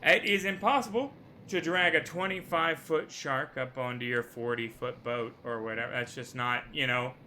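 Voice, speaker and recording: A man's voice: mid-range voice, moderate pace, few pauses. A man running a tabletop game as game master, joking and explaining the rules. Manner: animated, jokey, rules-minded. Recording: live stream with faint background noise.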